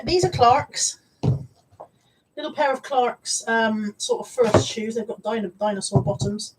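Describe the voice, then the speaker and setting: Woman, slightly high husky voice, rambling chatty live-stream host, heard from a distance off the mic. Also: darkish tone. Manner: rambling and chatty, greeting viewers. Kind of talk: casual live-stream chat.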